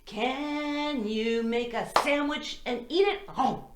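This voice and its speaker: A woman teaching a children's circle-time lesson, talking slowly and in a sing-song way to small children, with songs. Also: on the high side, noisy background. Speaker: preschool teacher. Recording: roomy echo.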